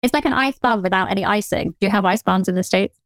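A woman from England with a Southern English accent, a historian guest speaking in a friendly, measured way. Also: mid-range voice, dry recording. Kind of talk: casual interview chat.

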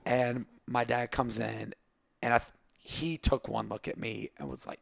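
Gravelly man in his thirties telling stories. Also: medium pitch, fairly even intonation, unhurried, a bit bright, dry recording, studio quality. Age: 30s. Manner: rambling, filler-heavy with frequent 'like'. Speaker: guest. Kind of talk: candid personal storytelling.

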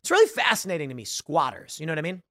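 Animated man telling stories on a podcast. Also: on the high side, very fast, creaky, no room sound, clean studio sound. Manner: animated storytelling, acts out quoted voices. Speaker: podcast host. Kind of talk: opinionated commentary monologue.

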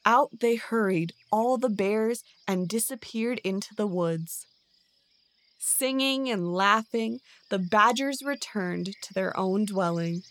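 A woman reading a storybook tale aloud in a measured, gentle way. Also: medium pitch, no room sound. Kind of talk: scripted storybook narration.

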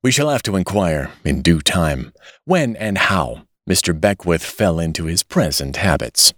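A scheming gentleman villain speaks smoothly and politely, as a man reads him, in a very deep voice. Every word stays composed and measured, and the sound is dry and close. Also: animated, no room sound. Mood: cold.

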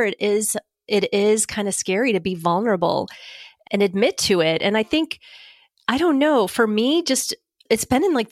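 A woman's voice: mid-range voice, no echo, clean studio sound. A woman guest on a podcast with a nasal, congested voice, still getting over a cold and speaking openly and earnestly. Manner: open, earnest, candid. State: recovering from a cold, head plugged up. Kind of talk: casual conversation.

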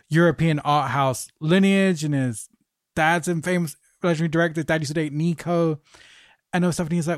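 A man hosting a podcast with a fairly high voice, recorded close and dry with no room sound. He tells stories animatedly, jumping into quoted voices and dropping swear words casually. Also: dry recording. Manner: animated storyteller, swears freely. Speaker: podcast host. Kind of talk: casual podcast conversation, storytelling.

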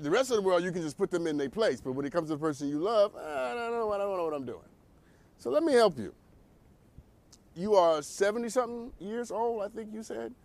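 A man hosting a talk show, riffing in a casual comedic monologue with preachy asides. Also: sits high. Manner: animated, preachy riffs with laughs and asides.

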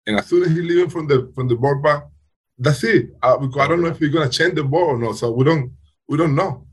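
Husky man in halting second-language English. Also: fairly high pitch. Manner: halting non-native English with frequent restarts. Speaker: baseball player guest. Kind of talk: casual interview talk.

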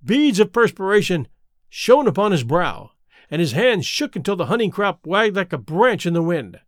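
A man reading a classic detective story aloud as first-person narrator, expressive and clearly enunciated, close to the mic. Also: high-pitched, normal speed, dry recording. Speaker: audiobook reader.

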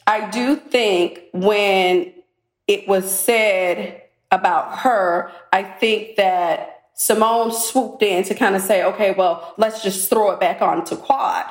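A woman's voice: medium pitch, steady tone, slow pace. Candid woman guest in an echoey room. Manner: candid, retells conversations. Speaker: reality TV cast member, guest. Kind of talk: podcast interview storytelling. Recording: roomy echo.

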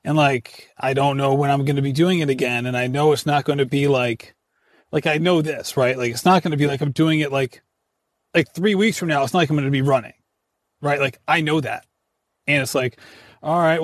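In clean studio sound with no echo, a podcast host and runner of about forty chats in a candid, meandering way, full of "like" and dry laughter. His pitch is medium and his pace moderate.

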